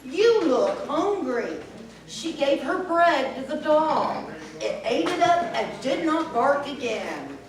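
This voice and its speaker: A woman reading a folk tale aloud in a slow, expressive way, heard from far off in an echoey event hall. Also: sits high, crowd noise. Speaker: storyteller. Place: event hall at a senior center fair.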